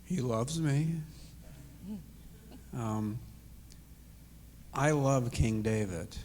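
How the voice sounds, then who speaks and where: In a church sanctuary with long hall reverb, a retired man in his sixties shares a moving personal story as an interview guest, acting out what people said. His voice is medium-pitched, very slow, and darkish, with slight background noise.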